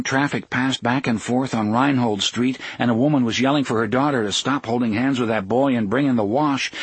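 A man narrating an audiobook in a measured storytelling manner, often slowing down for suspense. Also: medium pitch, breathy edge, no room sound. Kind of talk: scripted narration.

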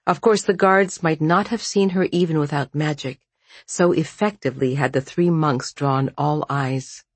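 An audiobook narrator reading a dark fantasy novel in measured, even storytelling. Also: medium pitch, slightly rough, no room sound. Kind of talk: scripted narration.

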